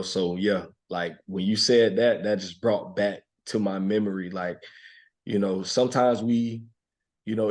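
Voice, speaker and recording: A man in his thirties with a slightly low voice talks through a personal story as a podcast guest. His delivery is reflective and emotional, often dropping soft, with laughs breaking in. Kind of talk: heartfelt conversational storytelling.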